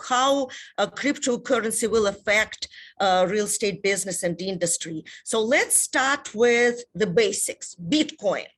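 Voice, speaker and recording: Russian-accented woman hosting a webinar talk show. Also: a little high. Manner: enthusiastic, many fillers. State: losing her voice. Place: hotel room.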